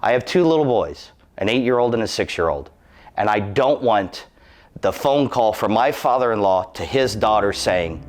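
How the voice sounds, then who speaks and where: Low-pitched man in his thirties, earnest and cautionary, sharing a personal safety story. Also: animated, normal speed, faint music behind. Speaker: employee giving a safety testimonial.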